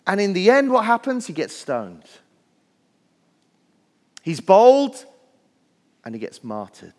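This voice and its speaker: Male pastor, earnest sermon delivery, slightly high-pitched, church hall echo. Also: wildly swooping pitch, slow pace, a little mellow. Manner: earnest preaching, building lists with rising emphasis. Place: church sanctuary.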